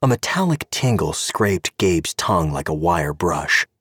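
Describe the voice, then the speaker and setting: A man narrating a scripted audio story in a wry, expressive way, recorded on a close studio microphone. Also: a bass voice, takes it slowly, husky, dry recording.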